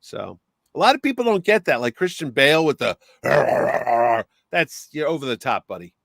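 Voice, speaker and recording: A middle-aged man hosting a casual chat show, animated, breaking into impressions and swearing. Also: fairly high pitch, a little fast, creaky, dry recording, clean studio sound. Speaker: podcast host.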